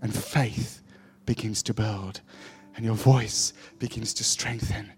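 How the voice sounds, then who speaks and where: A man's voice: lowish voice, steady tone, a little slow, a little mellow, slightly rough. A man preaching as a pastor, encouraging and exhorting the congregation. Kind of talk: sermon. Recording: long hall reverb with faint music.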